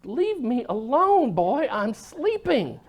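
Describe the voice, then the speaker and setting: A man's voice: very high-pitched, very animated, slow, pitched above the performer's own voice, exaggerated voice. A man voicing a tired, grumpy old priest woken from sleep, grumbling and dismissive.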